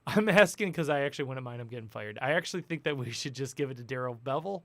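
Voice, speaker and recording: A man's voice: medium pitch, animated, quick pace, a bit bright, no echo. A man hosting a casual sports podcast, rambling and chatty, laughing often. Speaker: podcast host.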